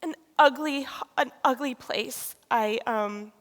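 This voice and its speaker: A woman, sharing a candid personal testimony with pauses and restarts. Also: high-pitched. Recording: long reverb of a large hall.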